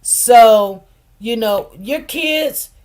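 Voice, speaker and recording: A middle-aged woman talking casually on a livestream, telling stories with lively, preacherly emphasis that drops quieter when she turns serious. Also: a little high, drawn-out words. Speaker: livestream host.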